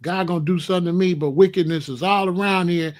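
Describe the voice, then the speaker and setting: A man in his sixties with a rather high voice talks straight into his stream. He is blunt and emphatic, and he often says the same line twice or three times to drive it home. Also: steady tone, fast talker. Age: 60s. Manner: blunt, emphatic, repeats himself. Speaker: host. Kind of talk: casual livestream talk answering chat.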